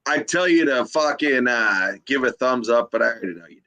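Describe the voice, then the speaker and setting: A man's voice: mid-range voice, lively intonation, a little fast, sharp tone, no room sound. A man co-hosting a live sports betting show, teasing his co-hosts with profane banter and frequent laughs. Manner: teasing, laughs often, swears freely.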